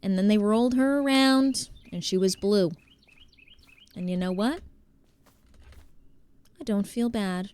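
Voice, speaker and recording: A woman's voice: medium pitch, takes it slowly, long pauses, darkish tone, clear, resonant tone. A woman from New Jersey with a New Jersey accent, chatting casually with viewers while she plays a game on a live stream. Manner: chatty, reads chat aloud and greets viewers.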